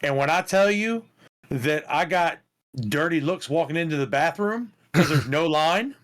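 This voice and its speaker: A man in his thirties telling a story on a podcast, loose and animated, with crude language and frequent laughter. His voice sits a little higher than most men's. He keeps the tone chatty and unpolished. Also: moderate pace. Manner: animated, profane, laughs through his stories. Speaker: podcast co-host. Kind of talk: casual storytelling chat.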